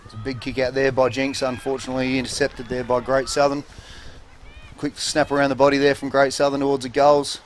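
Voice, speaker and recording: A man with an Australian accent commentating a local football game in a relaxed, halting way with many fillers. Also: mid-range voice, slight background noise. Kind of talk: casual sports commentary. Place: commentary box at an outdoor oval.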